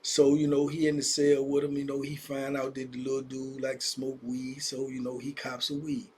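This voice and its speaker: A man's voice: medium pitch, monotone, normal speed, a little mellow, slight background noise. A man telling prison stories in a casual, conversational way, speaking directly to young listeners. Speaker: storyteller. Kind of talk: casual storytelling vlog.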